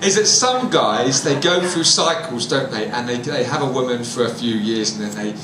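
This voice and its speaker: A man's voice: medium pitch, expressive, moderate pace. A man hosts a casual chat show, asking blunt, probing questions and rambling on. He is heard from away from the mic in an echoey space. Noise sits behind him. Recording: echoey, distant, noisy live recording.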